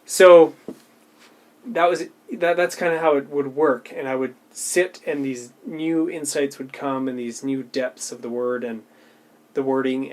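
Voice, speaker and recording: A man talking reflectively to camera about a personal practice, thoughtful and halting, often restarting his sentences. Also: mid-range voice, darkish tone. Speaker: video creator sharing a personal practice. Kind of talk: reflective casual talk to camera.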